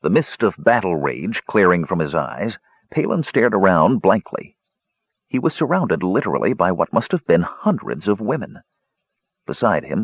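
Husky low-voiced male audiobook narrator. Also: dry recording. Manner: expressive storytelling. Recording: dull lo-fi recording.

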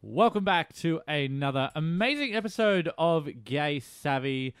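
A man's voice: on the high side, lively intonation, unhurried, smooth, no room sound, clean studio sound. Playful, teasing male podcast host. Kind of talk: casual podcast chat.

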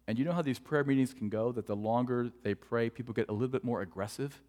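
A male pastor preaching in a church sanctuary, his mid-range voice carrying earnest stories and sinking to a hush at tender points. The sound rings with a long reverb tail from the hall. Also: mid-range voice, quick pace. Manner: earnest storytelling, dropping to hushed tones for tender moments. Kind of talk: sermon.

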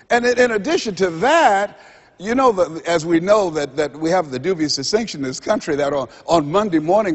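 Husky guy doing a preachy motivational speech, voice all over the place, muffled recording w/ long hall echo. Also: sits high. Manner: dramatic, acts out quoted voices, preacher-like build-ups. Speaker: motivational speaker. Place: stage in a large hall with a live audience. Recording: lo-fi recording in a large reverberant hall.

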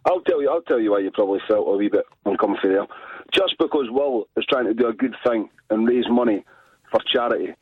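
A man's voice: on the low side, fairly quick, slightly rough, dry recording. A man with a Scottish accent calling in to a radio show, chatty and rambling as he tells a story. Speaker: caller. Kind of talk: phone-in call. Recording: tinny phone line.

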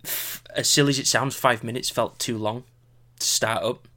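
A man co-hosting a casual chat podcast, rambling and halting with many restarts. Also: medium pitch, steady tone, bright, forceful tone. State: recovering from illness. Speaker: podcast co-host.

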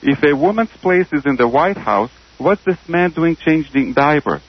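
A male caller holds forth in a slow, grandiose, sermonizing way. The sound is dull and lo-fi, like old radio audio. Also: a little high, expressive, slightly rough. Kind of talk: phone-in argument.

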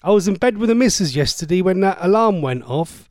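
A man hosting a radio show, chatty and cheeky, with a lively voice that swoops up and down. He rambles, restarts his sentences and stammers over words. The studio sound is close and dry, with no room echo. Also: high voice, fairly quick. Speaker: radio presenter. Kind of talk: casual radio chat reading listener messages.

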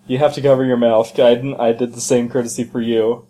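A man's voice: mid-range voice, little pitch movement, a little fast, mellow. A man in casual chat, reading texts aloud and often breaking into laughter. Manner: giggly, keeps breaking into laughter.

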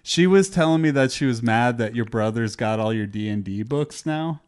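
A man hosting a casual chat, animated and filler-heavy, laughing often. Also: medium pitch, normal speed, smooth.

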